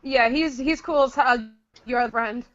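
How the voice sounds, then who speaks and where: A woman's voice: high-pitched, normal speed, over a noisy crowd. A woman co-hosting a casual chat show, rambling and swearing freely. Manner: rambling, profane. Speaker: podcast co-host. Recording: dry dull lo-fi recording.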